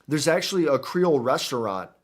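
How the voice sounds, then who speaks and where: A man's voice: a little high, sing-song, brisk. A man streaming a video game, chatting casually in a rambling, jokey way and often tripping over his words. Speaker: gaming streamer. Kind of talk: casual let's-play commentary.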